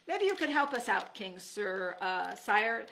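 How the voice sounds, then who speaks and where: A quick-thinking boy from a storybook who puts on the showy patter of a stage magician, voiced by a woman reading aloud. The tone is bright and a little gravelly. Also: mid-range voice, sing-song, a little hiss or hum. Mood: eager.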